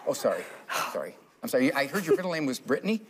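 On stage at a live parenting seminar, a man with a medium-pitched, very animated voice races through his talk, teasing audience volunteers in a role-play and chuckling along. The background is noisy.

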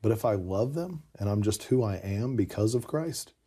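A man's voice: lowish voice, animated, moderate pace, mellow, slightly rough. A man in casual conversation, earnestly telling a personal story with lots of "you know" asides. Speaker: podcast guest telling his conversion story.

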